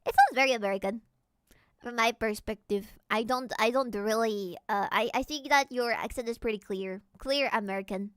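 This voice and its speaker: Woman from Peru, streamer, casual chat, animated, giggly, smooth clear voice, dry close sound. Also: on the high side, normal speed, no room sound. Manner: animated, giggly, explains and translates.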